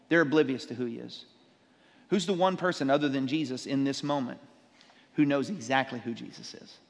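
Animated male preacher in a reverberant hall. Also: fairly high pitch. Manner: animated preaching, acts out disciples' sarcasm. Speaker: pastor. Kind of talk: sermon.

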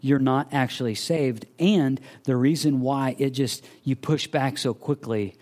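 A man's voice: mid-range voice, a little slow, a little mellow. A man preaching a sermon, earnestly asking searching questions and acting out the voices of imagined listeners. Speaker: pastor.

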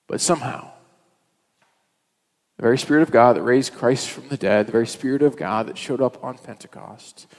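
A man's voice: mid-range voice, darkish tone, long reverb tail, low-quality recording. A male pastor preaching a sermon in a conversational, storytelling way.

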